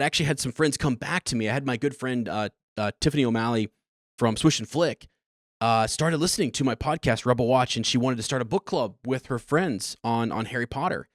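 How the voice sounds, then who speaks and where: Male podcast host, 30s, mid-pitched, earnest and rambling, dry close recording. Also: no room sound. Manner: rambling, earnest, emotional, with many restarts and laughs. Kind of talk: casual personal storytelling.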